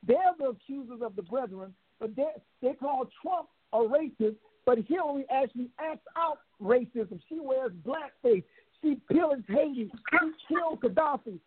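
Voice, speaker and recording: Man caller, fiery preachy ranter, high husky voice, tinny phone line. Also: lively intonation, moderate pace, dry recording. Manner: fiery, preachy, repeats himself. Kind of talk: heated call-in rant.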